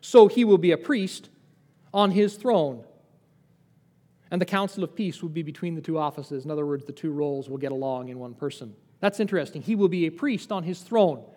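A man preaching a sermon in a lively, conversational teaching manner, asking his listeners questions. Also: fairly high pitch, brisk, in a large hall. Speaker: pastor.

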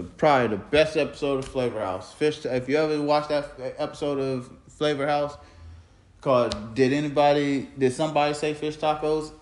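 A man hosting his own podcast, telling a loose, rambling story full of slang and restarts. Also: medium pitch. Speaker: podcast host. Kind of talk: rambling casual monologue. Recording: roomy echoey room.

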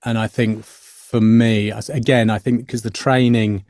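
Man, middle-aged, low pitch, thoughtful, halting with fillers, dry recording, podcast guest actor. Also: level tone, a little mellow, dry recording. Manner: thoughtful, many fillers and restarts. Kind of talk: podcast interview.

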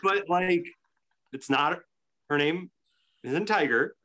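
A man's voice: a little high, slow pace, bright, forceful tone, a little hiss or hum. A man co-hosting a podcast, telling a story in casual chat with many restarts. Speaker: podcast co-host.

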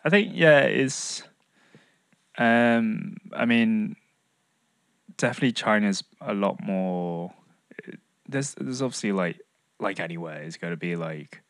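A man's voice: fairly low pitch, expressive, slow, creaky, pauses often, fairly bright tone, no echo, studio quality. A young man co-hosting a podcast, laid-back and easily laughing, hedging his points with fillers. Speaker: podcast co-host. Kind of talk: casual chat.

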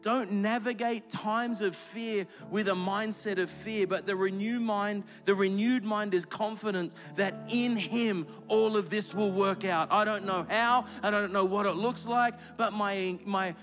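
High-voiced preaching man over music. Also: steady tone, measured pace, hardly any pauses, a bit bright. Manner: rising, emphatic preaching with repeated phrases. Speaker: executive pastor. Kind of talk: sermon with closing prayer. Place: large church auditorium. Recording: clear music playing under the voice.

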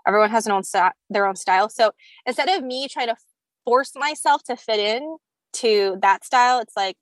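A woman's voice: fairly high pitch, normal speed, no echo. A young woman guest on a podcast, talking in a girly valley-girl way with lots of "like" and "you know". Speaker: guest, skincare founder. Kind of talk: casual podcast interview.

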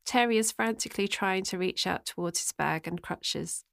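A woman narrating an audio drama, reading scene directions in a steady voice. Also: medium pitch, normal speed, creaky, no echo.

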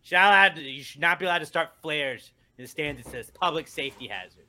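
Young podcast co-host, bright tense tone, angry swearing fan venting. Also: male voice, on the high side, brisk. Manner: angry, profane ranting about his football team. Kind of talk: casual podcast rant.

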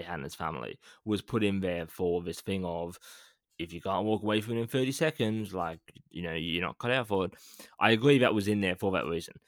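A man co-hosting a film podcast, talking in a measured, hesitant way with a lot of fillers. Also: low voice, no echo, studio quality. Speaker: podcast co-host. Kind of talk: casual film discussion.

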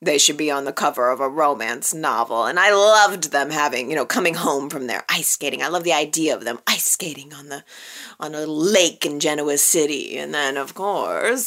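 A woman's voice: deep voice, moderate pace, a bit bright. A woman hosting a soap opera recap, chatting casually and playfully, often laughing at her own jokes. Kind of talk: casual chat.

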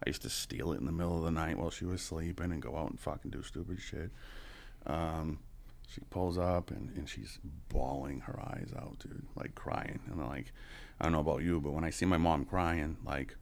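Man in his forties, very deep voice, gravelly fry, loose and swearing, podcast guest. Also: normal speed, a little mellow. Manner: casual, profane, peppered with "you know" and chuckles. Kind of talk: candid storytelling.

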